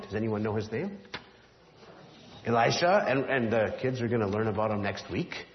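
A man preaching a sermon, retelling a story in an animated, conversational way. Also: lowish voice, moderate pace, long pauses, slight background noise. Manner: animated, drops to a hushed voice for the whisper. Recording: dull roomy hall sound.

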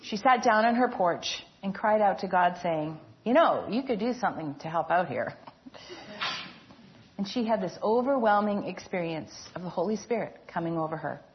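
A woman's voice: fairly low pitch, expressive, normal speed, muffled recording, a little hiss or hum. Earnest woman preaching a sermon. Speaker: pastor.

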